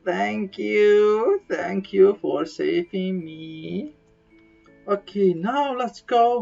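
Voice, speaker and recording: Faint guitar music plays under a dull, lo-fi recording of a woman reading a bedtime story. She is slow, playful, and a little mellow, speaking simple broken English and voicing characters with squeals and sound effects.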